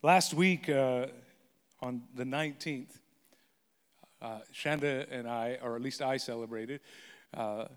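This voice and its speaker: A man's voice: mid-range voice, takes it slowly, pauses often, clear, resonant tone. A man in his fifties, a pastor telling funny stories from his own life during a sermon, self-deprecating and joking with the congregation. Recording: hall reverb.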